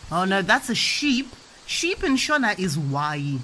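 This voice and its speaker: A woman's voice: mid-range voice, very animated, unhurried, pushed and bright, a little hiss or hum, low-quality recording. A woman teaching her small child with toys, asking coaxing sing-song questions and acting out animal sounds. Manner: playfully acts out animal sounds and toy play. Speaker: parent teaching a toddler. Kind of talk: playful home lesson with toys.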